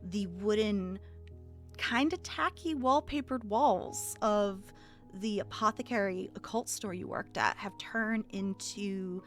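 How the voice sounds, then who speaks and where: A woman game master describing scenes in a tabletop role-playing game in a relaxed, descriptive way with many fillers. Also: mid-range voice, slow, faint music behind.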